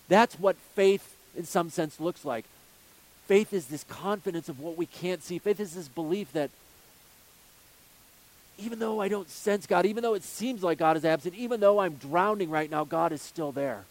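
A man's voice: high voice, a little mellow. A male pastor preaching a sermon, earnest, building his points with repeated phrases and rhetorical questions.

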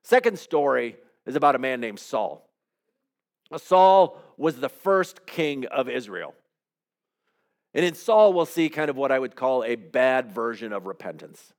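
A man's voice: mid-range voice, animated, measured pace. A man preaching a sermon, retelling a story with rhetorical questions and acted-out quotes. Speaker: pastor.

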